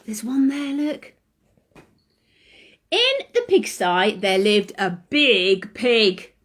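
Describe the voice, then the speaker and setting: Animated, sing-song woman reading to kids. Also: on the high side, very slow. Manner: animated, sing-song, asks children questions. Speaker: children's class leader. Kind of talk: reading a story to young children.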